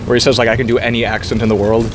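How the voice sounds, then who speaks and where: A man's voice: mid-range voice, little pitch movement, rapid-fire. Rambling male podcast host outdoors. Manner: rambling, swears freely, laughs often. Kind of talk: casual interview chat. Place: outdoors on concrete steps in a park. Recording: outdoor traffic noise. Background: traffic noise.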